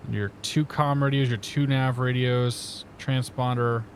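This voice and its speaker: A man's voice: mid-range voice, fairly even intonation, measured pace, slight background noise. A man streaming a flight simulator in casual chat, joking at himself and laughing easily while he explains cockpit controls. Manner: chatty, laughing, self-joking.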